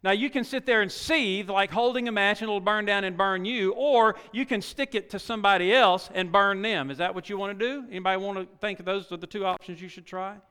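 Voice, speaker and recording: A middle-aged man preaching a sermon in a folksy way, full of rhetorical questions and swinging from quiet asides to loud exhortation. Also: high-pitched, fairly even intonation, a little fast, hardly any pauses, clean tone. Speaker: pastor. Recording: long reverb of a large hall.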